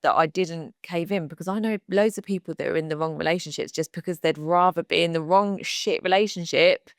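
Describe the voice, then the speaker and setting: A woman in her thirties co-hosting a podcast, speaking frankly and with heartfelt conviction. Her voice sits a little low and is recorded dry and close. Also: brisk, no room sound. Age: 30s. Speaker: podcast co-host. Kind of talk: casual chat.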